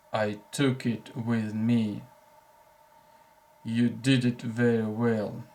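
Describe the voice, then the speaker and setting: A male English teacher, a native Russian speaker, reading short example sentences for learners slowly and deliberately, with clear breaks between sentences. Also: lowish voice, darkish tone.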